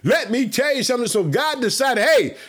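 A man preaching to his podcast listeners as pastor, excited and repetitive. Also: very high voice, brisk. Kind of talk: podcast sermon.

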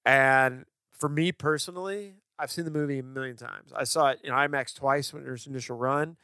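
A man co-hosting a podcast, chatting about movies with enthusiastic, animated storytelling. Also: medium pitch, a little fast, clear, resonant tone, no room sound, clean studio sound. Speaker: podcast co-host. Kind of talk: casual film discussion.

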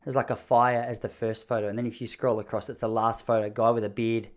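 A man's voice: medium pitch, quick pace. A man in his thirties telling a story casually and with animation. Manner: animated, mimics the people in his stories. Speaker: vlogger.

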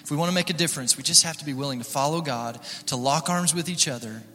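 A man's voice: on the high side, fast talker, sharp tone. Rallying male pastor in a reverberant hall. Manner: encouraging, rallying. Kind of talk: sermon.

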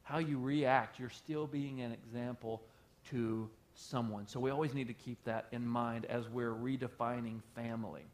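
A man's voice: medium pitch, fairly even intonation, normal speed. A man who is a pastor, preaching an emphatic sermon to his congregation with heavy repetition and call-and-response.

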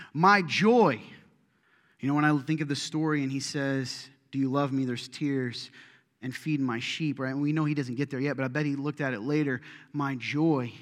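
In a large church sanctuary, a middle-aged male pastor with a mid-range voice delivers a sermon. He begins chatty and joking, then builds to emphatic preaching.

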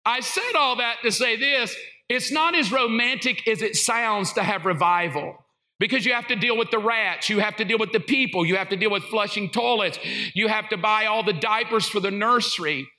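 A middle-aged male pastor telling funny stories in a sermon, animated and acting out quotes. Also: sits high, moderate pace. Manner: animated, jokey, acts out quotes. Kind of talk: comedic sermon storytelling.

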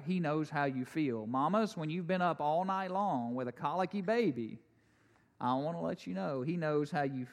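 Pastor, male, slightly high voice, animated conversational sermon delivery, reverberant hall sound. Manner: animated, conversational preaching with jokes and asides.

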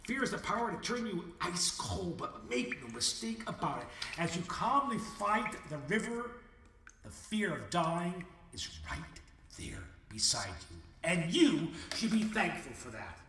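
A man delivering a dramatic monologue addressed to God, swinging between booming declarations and hushed asides. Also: sing-song, a little slow, echoey room, recorded from a distance, a little hiss or hum. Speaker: podcast host.

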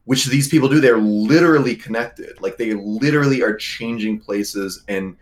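Animated man chatting casually. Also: on the low side, moderate pace. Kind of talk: casual chat.

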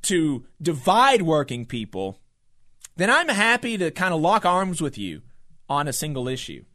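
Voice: medium pitch, wildly swooping pitch, unhurried, a bit bright. A radio host, delivering impassioned, repetitive political commentary. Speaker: union talk radio host. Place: radio studio.

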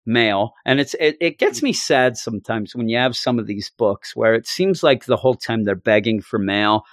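Man, comics podcast co-host, mid pitch, animated, dry close mic. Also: normal speed, dry recording. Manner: animated, acts out characters' lines in raised voice. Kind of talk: casual chat.

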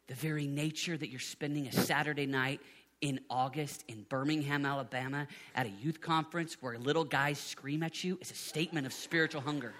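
A middle-aged man preaching to a youth conference, animated, swinging from hushed tones to shouts. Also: mid-range voice. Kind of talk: sermon. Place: conference venue in Birmingham, Alabama.

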